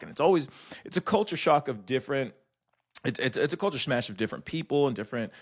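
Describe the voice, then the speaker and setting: A man hosting a podcast, swearing freely and animated, acting out voices when he tells a story. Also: medium pitch, fast talker. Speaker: podcast host. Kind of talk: casual interview chat.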